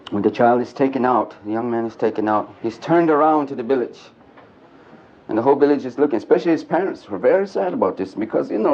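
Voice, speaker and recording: A man's voice: mid-range voice, lo-fi sound. Earthy male storyteller, old archive tape. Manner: animated and earthy, mixing jokes and blunt language. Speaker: speaker at a men's gathering. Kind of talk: storytelling lecture to a live audience.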